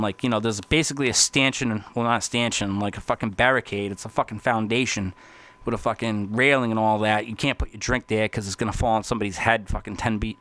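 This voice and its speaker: A man talking casually as a podcast host, rambling and swearing constantly, getting excitable. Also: lowish voice, no room sound. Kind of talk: casual profane monologue.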